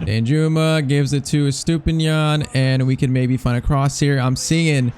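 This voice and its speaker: A young man giving live, excitable commentary over a football video game, reacting nervously and shouting at big chances. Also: mid-range voice, a little slow, clear, resonant tone. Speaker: gaming YouTuber.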